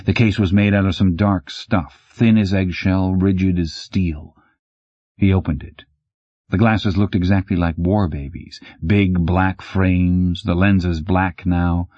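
Casting: male audiobook narrator, very low dark voice, husky, dry dull lo-fi recording. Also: level tone, slow, no room sound. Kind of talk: scripted narration.

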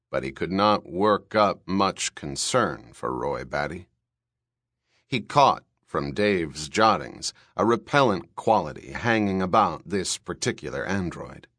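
A man reading a novel aloud as a narrator, measured and unhurried, with shifting emphasis. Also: deep voice, fairly bright tone, dry recording, clean studio sound. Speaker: audiobook narrator. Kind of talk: scripted narration.

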